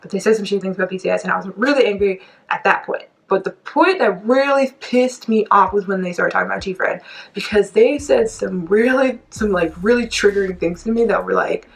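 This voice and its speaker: A woman's voice: mid-range voice, creaky, poor audio. Twenty-something woman venting on her k-pop channel, fired up, rambly, medium voice. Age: 20s. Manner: indignant, animated, rambling with frequent laughs. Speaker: K-pop reaction vlogger. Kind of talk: casual rant to camera.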